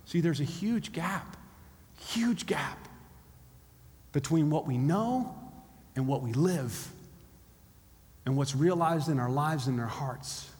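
A man's voice: fairly high pitch, animated, slow pace, pauses often, a little mellow. A pastor preaching a sermon in a conversational way, acting out the inner voices of his listeners. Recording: long hall reverb.

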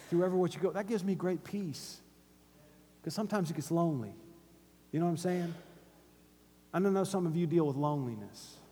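A middle-aged male pastor preaching a sermon in a church, moving between hushed conversational asides and loud urgent exhortation. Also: fairly high pitch, husky. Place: church sanctuary. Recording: long hall reverb.

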